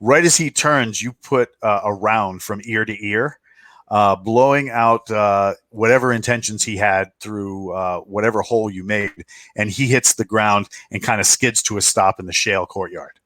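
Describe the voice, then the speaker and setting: A man's voice: fairly low pitch, moderate pace, a bit bright, dry recording. A man narrating a tabletop game as game master, in a loose, chatty way with many check-ins. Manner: loose, filler-heavy narration with frequent "right?" check-ins.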